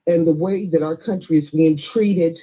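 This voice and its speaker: A woman's voice: sits low, steady tone, moderate pace. A woman calling in to a radio show, speaking in an indignant, emphatic way. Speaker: caller. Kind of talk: call-in phone conversation. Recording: tinny phone line.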